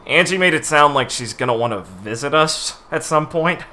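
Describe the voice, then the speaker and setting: A man's voice: fairly high pitch, lively intonation, normal speed, pushed and bright. A man talking casually in character as a player in a tabletop game, laughing often and easily flustered. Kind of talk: casual in-character role-play.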